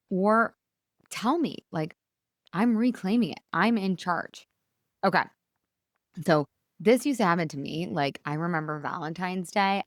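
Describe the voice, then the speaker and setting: A woman's voice: on the low side, no echo. Upbeat woman host, dry close sound. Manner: enthusiastic, chatty, direct to listeners. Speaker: podcast host and coach. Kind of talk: solo motivational podcast talk.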